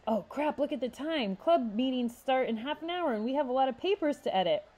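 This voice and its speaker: A woman's voice: high voice, animated, fairly quick, a little mellow, voice pushed up. A woman voicing a sarcastic, teasing teenage boy in a read-aloud story.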